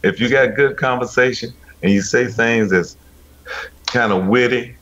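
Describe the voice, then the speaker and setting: A man's voice: medium pitch, moderate pace, fairly bright tone. Older man, folksy joking co-host. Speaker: radio co-host. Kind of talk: casual radio chat. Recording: dull, lo-fi sound.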